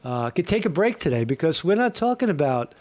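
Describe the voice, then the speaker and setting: A man's voice: on the high side, very animated, brisk. A man hosting a live morning stream in a casual, irreverent way, full of fillers and restarts. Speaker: host of a live morning show.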